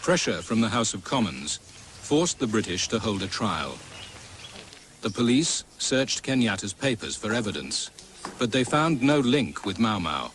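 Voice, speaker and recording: Low-voiced male documentary narrator. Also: very animated, fairly bright tone, slight background noise, poor audio. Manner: measured, formal delivery. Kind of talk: scripted narration.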